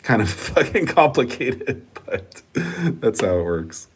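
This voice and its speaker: A man's voice: mid-range voice, big pitch swings, slow pace, slightly rough. A man chatting casually in a vlog, reading viewer comments and swearing freely while he rambles. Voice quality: profane, rambling, laid-back. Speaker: channel host.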